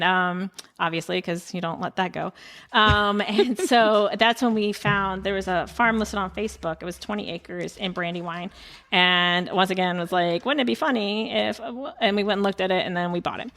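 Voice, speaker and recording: A woman's voice: lowish voice, fairly bright tone. A woman telling a casual story as a podcast guest, chatty and full of "like" fillers, laughing often. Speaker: podcast guest, horse farm owner. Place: farm porch.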